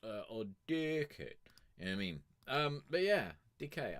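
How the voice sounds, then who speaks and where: A man's voice: medium pitch, big pitch swings, normal speed, a bit bright, no echo. A young man, rambling and swearing his way through casual stream chat. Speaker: streamer reviewing music.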